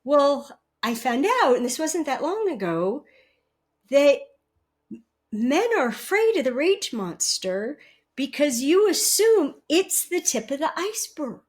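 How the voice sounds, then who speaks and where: A woman with a high, bright-pitched voice talks as an interview guest. She tells stories animatedly, laughs often and acts out what others said. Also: big pitch swings, slow. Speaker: guest relationship educator. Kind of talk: conversational interview storytelling.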